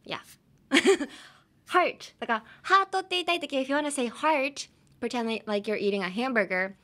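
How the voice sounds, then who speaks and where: A woman's voice: fairly high pitch, fast, fairly bright tone. A young woman hosting a podcast and teaching English pronunciation in a casual, playful way. She laughs often and mixes English with Japanese. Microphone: talking into a camera.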